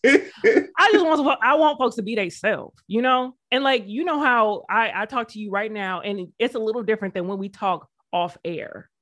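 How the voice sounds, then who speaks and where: A woman's voice: mid-range voice, normal speed, few pauses, fairly bright tone, dry recording. Young woman, southern drawl, sassy and blunt, dry close sound. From American South. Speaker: podcast co-host. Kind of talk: casual chat.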